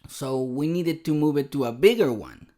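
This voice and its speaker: A man hosting a podcast, telling a personal story in an animated, self-deprecating way. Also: on the high side, normal speed. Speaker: podcast host. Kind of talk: casual storytelling monologue.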